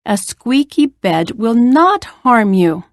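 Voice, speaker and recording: A woman voicing a gentle mother and father in a storybook read-aloud, calm and reassuring. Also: a little high, slow, no room sound, studio quality. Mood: soothing. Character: gentle soothing storybook parents.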